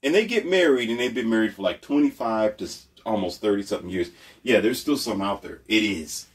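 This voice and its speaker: A man's voice: fairly low pitch, a little fast, distant mic. A man delivering a blunt, preachy motivational monologue, emphatic and repetitive.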